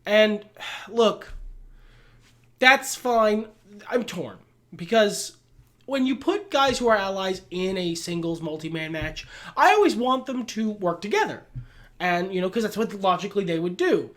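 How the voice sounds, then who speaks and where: A man's voice: high-pitched, lively intonation, unhurried, fairly bright tone. A man co-hosting a wrestling podcast, chatting casually, opinionated, swearing and laughing as he goes. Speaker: podcast co-host. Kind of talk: casual chat.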